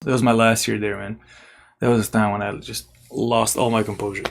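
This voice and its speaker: A young man from Serbia with a Serbian accent, casually telling stories as a podcast guest, animated and swearing now and then. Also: on the low side, a little fast, vocal fry. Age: young adult. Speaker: podcast guest, former college basketball player. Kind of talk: casual storytelling interview.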